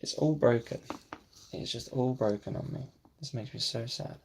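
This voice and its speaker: A gravelly, mid-range male voice at a moderate pace, with a little hiss or hum on the recording. The brick-building vlogger keeps up a self-deprecating running commentary as he builds, talking to himself and occasionally going near-whisper while he concentrates.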